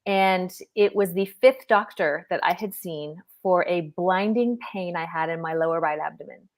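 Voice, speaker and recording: A woman's voice: lowish voice, normal speed. A middle-aged woman telling a personal story as a guest on a live stream, speaking earnestly and vividly over a video call. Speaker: guest panelist.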